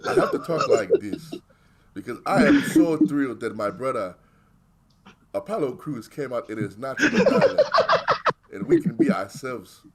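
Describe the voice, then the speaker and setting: A man's voice: mid-range voice, wildly swooping pitch, moderate pace, rough recording. A man voicing a thrilled figure in a put-on Nigerian accent, formal and theatrical, with crowd noise behind.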